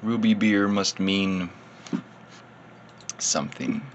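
A man's voice: sits low, slow pace, lo-fi sound, a little hiss or hum. A man, slightly tipsy, rambling casually through a beer tasting in his vlog and poking fun at himself. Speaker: beer reviewer.

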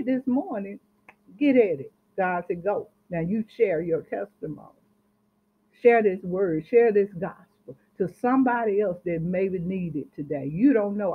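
A woman minister preaches with fervor, pushing her voice up on key words and letting it fall soft and low between them. Her pitch sits mid-range. The sound is thin and tinny, like a phone call. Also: husky. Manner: fervent preaching with emphatic rises and soft drops. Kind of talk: sermon.

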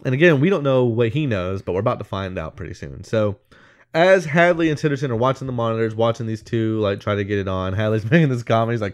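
A man's voice: mid-range voice, expressive, fast talker. A man co-hosting a podcast, casually recapping a movie scene by scene, rambling with lots of filler words and laughing as he goes. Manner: rambling, full of "like" and "whatever", laughs mid-sentence. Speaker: podcast co-host.

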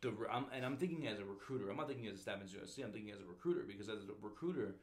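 Low-voiced male podcast host, a recruiter, animated, slangy storyteller. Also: very fast. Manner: animated slangy storyteller, says bro and dude. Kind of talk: casual storytelling chat.

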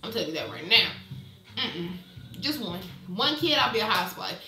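Young woman, African American accent, chatty and sassy vlogger; bright voice, off-mic in an echoey room. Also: medium pitch, moderate pace, far from the mic. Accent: African American English. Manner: chatty, sassy and animated when ranting. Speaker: beauty vlogger. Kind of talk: casual chatty vlog. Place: at home indoors.

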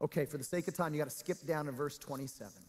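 A male pastor preaching a sermon, reading scripture aloud with drawn-out, half-sung emphasis and stirring the congregation. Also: on the high side, long reverb tail.

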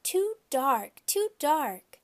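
A woman reads as a small, frightened boy from a children's storybook, wailing in a voice pushed far above her own. His cries come out high and shrill. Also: very animated, extremely slow, exaggerated voice. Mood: whining. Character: frightened little boy, small, always crying.

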